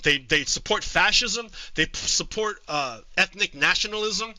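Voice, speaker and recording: A male streamer giving casual political commentary to his live chat, halting with frequent repeats and restarts. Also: high-pitched, animated, pushed and bright, no room sound, rough recording.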